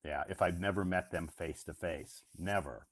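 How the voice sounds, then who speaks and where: A man's voice: low-pitched, moderate pace, husky. A man hosting a live stream, explaining English words in a casual, repetitive, emphatic teacher's way.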